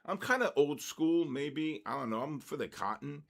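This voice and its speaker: An older man hosts a casual trading livestream, chatting loosely and breaking into excited shouts when the markets move. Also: fairly high pitch, moderate pace, vocal fry.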